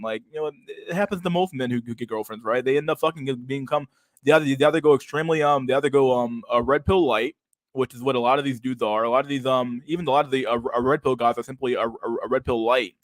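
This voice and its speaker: A man's voice: fairly high pitch, no echo, clean studio sound. A young man streaming a reaction video, rambling casually and profanely, mocking the clip and peppering his talk with "bro" and "dude.". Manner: crude, mocking, rambling with many restarts and "bro".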